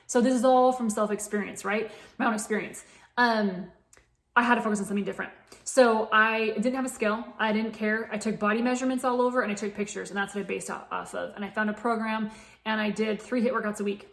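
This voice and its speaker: A woman in her late thirties, a fitness coach, telling her own story in a candid, chatty way. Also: a little high. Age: 30s. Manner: candid and chatty, many restarts. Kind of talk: personal story told to camera. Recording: echoey room.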